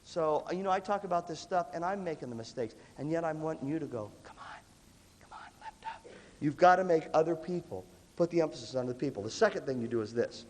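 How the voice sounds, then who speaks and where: A man giving a lively seminar talk to a live audience, telling stories and acting out the dialogue. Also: a little high, fast, hardly any pauses. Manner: animated storyteller who acts out dialogue. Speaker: leadership seminar speaker. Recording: long hall reverb.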